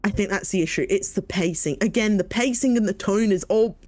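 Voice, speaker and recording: A woman's voice: medium pitch, fairly quick, a little mellow. A woman chatting casually while playing a video game, playful, laughing often and swearing freely. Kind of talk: casual gaming chat.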